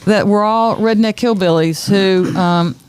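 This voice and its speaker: A woman's voice: mid-range voice, unhurried, darkish tone, clear, resonant tone. A woman with a Southern American accent from North Carolina, a guest chatting earnestly and proudly in an interview. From North Carolina, USA. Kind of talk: casual interview chat.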